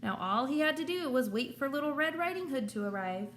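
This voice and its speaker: A woman teacher reads a children's story aloud with an expressive, storytelling delivery. Her voice is lively, rising and falling as she tells the tale. A faint hum of room sound sits in the background. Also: high voice, fairly quick.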